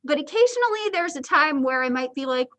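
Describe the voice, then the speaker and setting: Chatty high-voiced woman lecturing. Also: very animated, a little fast, a bit bright, rough recording. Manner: chatty, joking asides, lots of ums. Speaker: psychology instructor. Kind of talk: casual livestream lecture.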